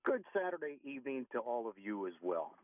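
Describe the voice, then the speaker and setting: A man's voice: mid-range voice, big pitch swings, fairly quick, dry recording. A male caller speaks courteously and somewhat formally over a tinny, narrow phone line. The sound is dry and close. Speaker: union official calling in.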